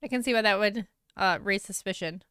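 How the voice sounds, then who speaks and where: A woman streaming as an artist, chatting casually with viewers while she draws, self-deprecating and quick to laugh, on a close mic. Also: medium pitch, bright, forceful tone, smooth, no room sound.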